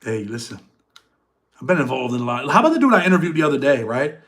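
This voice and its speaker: A man's voice: medium pitch, sing-song, quick pace, fairly bright tone. A middle-aged man hosting a casual live chat, talking in loose street slang and answering viewers' comments. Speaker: channel host.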